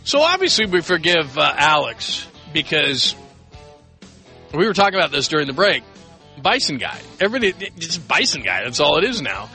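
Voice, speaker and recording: A man's voice: on the high side, sing-song, moderate pace, sharp tone, faint music behind. A man hosting a late-night sports radio show from a studio, chatting loosely with plenty of fillers and restarts. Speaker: radio sports talk host.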